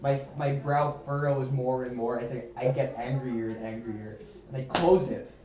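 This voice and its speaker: A player in a tabletop game who describes actions in a halting way, often repeating words. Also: mid-range voice, fairly even intonation, mellow, echoey room, recorded from a distance. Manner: halting, repeats words while acting in character. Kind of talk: tabletop role-play.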